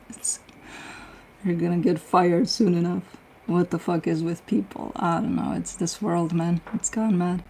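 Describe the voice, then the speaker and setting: This is a middle-aged woman with a low, gravelly voice, hosting a casual tarot livestream. She chats with her viewers in a blunt, easygoing way, swears freely and laughs often. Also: fairly even intonation, measured pace, mellow, slight background noise, low-quality recording. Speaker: tarot reader and livestream host. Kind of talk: casual livestream chat, answering viewer comments.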